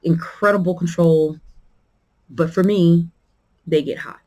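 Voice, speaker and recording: A woman hosting a quilting channel who gives a casual product review vlog, rambling and chatty with many pauses and fillers, and shows items to the camera as she talks. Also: fairly low pitch, steady tone, a little mellow.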